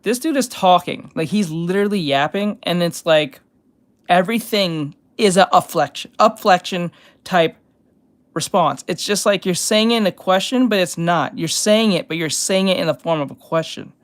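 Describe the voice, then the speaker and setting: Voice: medium pitch, lively intonation, normal speed. A streamer giving casual live commentary in a blunt, irritated way. The speaker swears and stammers. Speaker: streamer reacting to videos.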